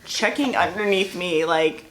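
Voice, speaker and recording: A woman's voice: fairly low pitch, unhurried, a crowd in the background. A woman telling her own birth story in casual chat, wry and teasing her husband.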